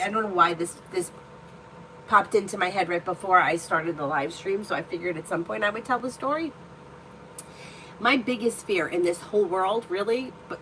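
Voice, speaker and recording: A woman's voice: fairly low pitch, a bit bright, a little hiss or hum, low-quality recording. A woman hosting a live tarot stream who chats casually and tells personal stories bluntly, swearing freely. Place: indoor room at home.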